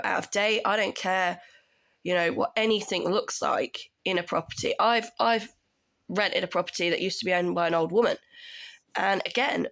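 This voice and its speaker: A woman's voice: mid-range voice, gravelly, fairly bright tone. A woman in her thirties, a tenant telling her story in a casual, indignant rant that climbs into raised exasperation.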